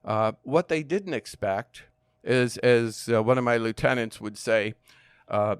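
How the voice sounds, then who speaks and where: A man in his sixties telling stories as a podcast guest, calm and measured, with dry humor. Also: mid-range voice, smooth, no echo. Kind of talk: storytelling interview.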